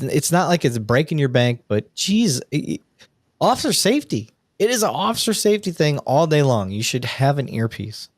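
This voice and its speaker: A male police officer hosting a casual livestream, talking in a mid-pitched, conversational way full of ums and self-corrections. The sound is dry and close, with no room echo. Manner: conversational, frequent ums and restarts. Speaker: podcast host, police officer.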